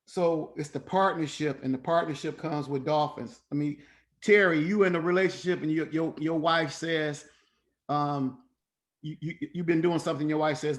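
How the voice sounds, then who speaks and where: Man, slightly high voice, informal class leader, animated and salty-mouthed, online call. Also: moderate pace. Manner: animated and profane, acting out quotes in other voices. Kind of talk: informal coaching talk.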